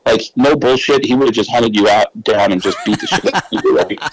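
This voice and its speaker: A man's voice: medium pitch, very animated, fairly quick, poor audio. A male comedian guest telling loose, casual anecdotes, swearing freely and laughing between lines.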